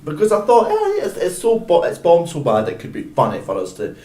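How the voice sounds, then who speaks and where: A man with a lively, swinging pitch in casual podcast talk, incredulous and quick to swear. He sits some way back from the mic, and an echoey room surrounds his voice. His mid-level voice rises sharply when he is disbelieving. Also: far from the mic. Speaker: podcast co-host. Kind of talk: casual film review chat.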